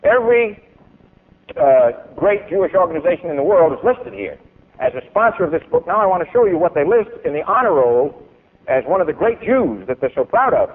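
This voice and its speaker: With a fairly high, sing-song voice and a slightly fast delivery, a man gives a declaiming, emphatic speech at a university event, his loudness varying sharply. Questions from the audience follow, and the archival tape is tinny and lo-fi.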